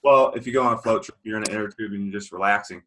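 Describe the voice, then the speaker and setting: A man's voice: on the low side, very fast, a bit bright, a little hiss or hum, poor audio. A man taking part in a live group discussion, reflecting thoughtfully and drawing on his own experience. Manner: reflective, speaks from personal experience. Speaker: discussion participant.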